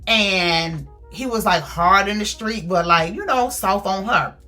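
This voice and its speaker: A woman recaps a novel for her followers in a loose, gossipy way, full of slang and little asides. She animates the plot by briefly voicing the characters. Soft music plays faintly behind her. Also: mid-range voice, normal speed. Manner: chatty and slangy, calls listeners "girl" and "baby"; animated, acts out characters' lines. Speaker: book reviewer. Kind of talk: casual book review retelling a plot.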